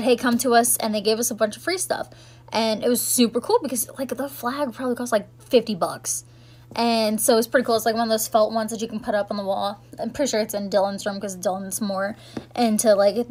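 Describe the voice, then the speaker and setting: A young woman, chatting casually and rambling through a recap of her year, full of "like" and "um". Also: fairly high pitch. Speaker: vlogger.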